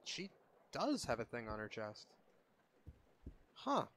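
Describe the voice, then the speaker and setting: A man's voice: mid-range voice, huge pitch swings, slow pace, a bit bright. A man streaming a video game, chatting casually and rambling with lots of filler words. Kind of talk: casual gaming chat.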